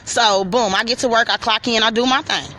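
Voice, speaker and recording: A woman tells a story from her own life with bright, forceful energy. She swears freely and keeps the telling lively, talking straight to the listener in a voice a little higher than most. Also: a little fast, a little hiss or hum. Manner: profane, animated, talks straight to the listener. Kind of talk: personal storytelling.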